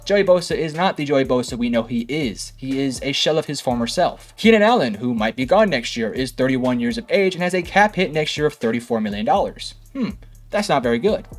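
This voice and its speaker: A young man hosting a sports analysis video, talking in a sarcastic, heated way and firing rhetorical questions at fans. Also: mid-range voice. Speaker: sports commentary host. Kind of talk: opinionated sports analysis monologue.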